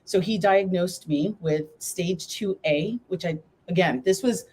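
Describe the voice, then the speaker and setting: A woman's voice: on the low side, a little slow, a little mellow, husky. Woman, interview guest, candid storyteller, plays out old conversations. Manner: storytelling, acts out past conversations; earnest, candid. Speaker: guest, breast cancer survivor and coach. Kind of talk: personal story in a live interview.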